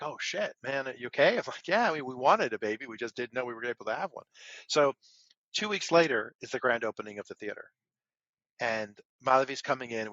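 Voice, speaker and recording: Male podcast co-host, lively storyteller who acts out the quotes, bright voice, dry lo-fi recording. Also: mid-range voice, no room sound. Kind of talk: casual storytelling chat. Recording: dull, dry lo-fi sound.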